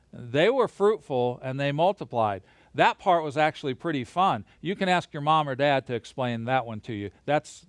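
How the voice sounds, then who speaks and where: A man teaching a Bible lesson to a camera, animated and playful, leading hand motions. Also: fairly high pitch, clear, resonant tone, no echo. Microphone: camera mic.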